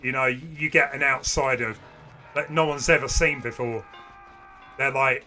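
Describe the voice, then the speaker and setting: A man chats casually with viewers during a game livestream, rambling from one thought to the next. His voice is bright and forceful, sitting at an ordinary pitch for a man. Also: steady tone, measured pace, long pauses, soft background music. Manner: chatty, rambling, talks to viewers. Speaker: gaming livestreamer. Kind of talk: casual chat while streaming a game.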